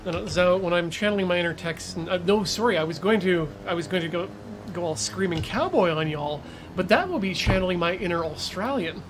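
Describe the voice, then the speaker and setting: A man's voice: sits high, brisk. A man streaming a sim racing game, chatting casually, coaching himself and joking with viewers. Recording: game car engine noise underneath. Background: racing game engine and track sounds.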